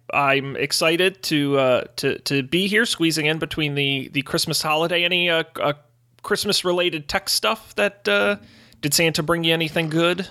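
Upbeat guy hosting a tech podcast, kinda high bright voice, jokey and chatty. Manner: upbeat, joking. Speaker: podcast host. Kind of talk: casual tech podcast chat.

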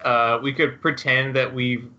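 A man's voice: mid-range voice, steady tone, unhurried, pushed and bright, highs cut off. A man riffing and joking in a casual comedic chat.

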